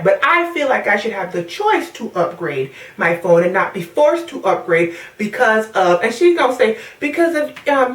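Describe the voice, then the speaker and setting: A young woman from the Caribbean vents in a sassy, animated way, her voice a touch high. She sounds set back from the mic, in an echoey room. She is pregnant and chatting casually to her viewers. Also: distant mic. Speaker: vlogger. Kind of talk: casual rant to camera.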